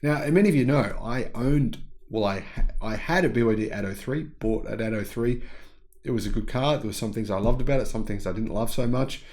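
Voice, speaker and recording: Male host, chatty and opinionated, mid-pitched voice, talks through reports with frequent restarts. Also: brisk, a little mellow. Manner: opinionated, conversational, thinks aloud with restarts. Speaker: YouTube channel host. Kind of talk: casual commentary on news reports.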